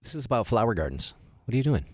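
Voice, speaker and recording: A man's voice: mid-range voice, sing-song, rapid-fire, darkish tone, no echo. Dry-voiced joking radio host man. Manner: jokey, reads stories aloud with wisecracks. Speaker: radio morning show host. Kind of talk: casual radio banter, reading news items.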